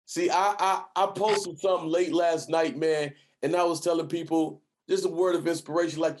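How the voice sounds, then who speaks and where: A man hosting a casual interview, talking in an effusive, hyped-up way with shout-outs and lots of repetition. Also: a little high, steady tone, normal speed, hardly any pauses. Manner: hype, effusive shout-outs, repeats himself. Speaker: host.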